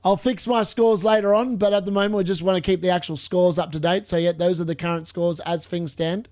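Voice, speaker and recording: A young man commentating live on football matches for a fantasy football stream, chatting along and bursting into shouts at near misses. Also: sits high, fairly even intonation, fairly quick. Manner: chatty, muttering asides between reactions.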